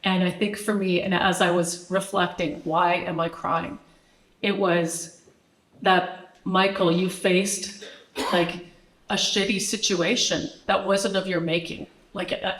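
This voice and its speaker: A woman's voice: lowish voice, steady tone, slow pace, fairly bright tone, reverberant, rough recording. A woman in the audience asking an earnest, rambling question at a screening Q&A. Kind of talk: Q&A question from the floor.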